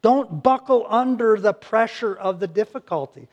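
A man's voice: high voice, expressive, moderate pace, highs cut off. A man preaching a sermon as pastor, earnest and conversational, often restarting words and acting out little quotes.

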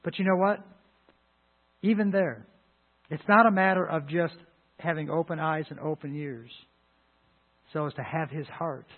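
Male pastor, higher voice, preaching with emphatic bursts; thin phone-like recording. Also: moderate pace, pauses often. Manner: emphatic preaching with many restarts and sudden loud rises. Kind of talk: sermon. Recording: phone-like lo-fi line.

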